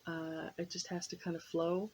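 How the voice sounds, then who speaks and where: A woman's voice: fairly low pitch, flat delivery, moderate pace, a little hiss or hum, poor audio. An American woman talking to her viewers in a rambling, hesitant way, with many fillers and restarts. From United States. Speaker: vlogger. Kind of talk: casual chat to camera.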